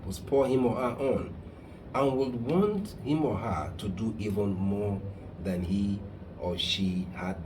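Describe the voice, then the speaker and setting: A man's voice: lowish voice, dark tone, a little hiss or hum. A man hosting a call-in advice show, speaking in an emphatic, preachy way that gets heated. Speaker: radio call-in host and counselor.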